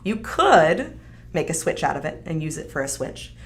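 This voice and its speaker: A woman's voice: sits low, very animated, normal speed. A woman hosting a live stream, chatting upbeat and casually as she demonstrates a craft kit. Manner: upbeat, chatty, frequent fillers. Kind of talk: casual product demo.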